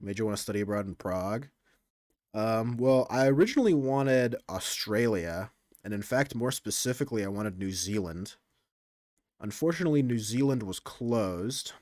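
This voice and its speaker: A man's voice: fairly low pitch, expressive, moderate pace, darkish tone, no echo, clean studio sound. A young man casually chatting to his stream audience, rambling and crude, often restarting his sentences. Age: young adult. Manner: rambling, self-interrupting, crude.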